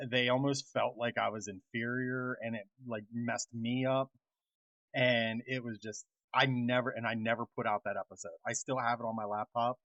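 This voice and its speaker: A man's voice: medium pitch, a bit bright, dry recording, muffled recording. A man co-hosting a podcast, telling a story in a rambling, hesitant way with many fillers. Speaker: podcast co-host. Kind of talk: casual chat.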